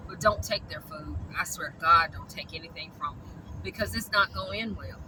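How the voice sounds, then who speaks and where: A woman's voice: on the low side, brisk, noisy background. A woman, ranting bluntly and profanely in a vlog about dog rescue.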